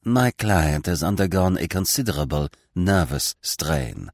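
A man's voice: deep voice, animated, a little slow, creaky, a little mellow, no room sound, studio quality, heavily acted. A man voicing a male defense lawyer who protests insistently in an audiobook reading. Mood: protesting.

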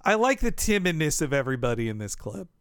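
A man's voice: fairly high pitch, big pitch swings, fast talker, loud music behind the voice. A man co-hosting a casual podcast chat, talking in a thoughtful, hedging way. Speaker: podcast co-host.

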